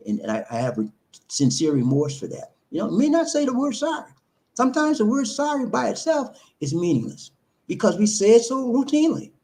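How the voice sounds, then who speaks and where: A man hosting a live stream, his speech swinging widely up and down as he preaches casual relationship advice. He repeats his points for emphasis and keeps turning to greet and answer his viewers. His voice sits a little high for a man. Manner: animated and repetitive, preachy, addresses viewers directly. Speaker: live show host reading viewer comments. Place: living in the Philippines.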